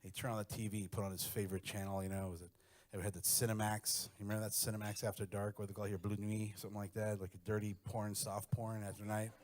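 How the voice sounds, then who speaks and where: A middle-aged man doing a stand-up comedy set, telling crude stories in a brash, animated way. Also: on the low side, fast.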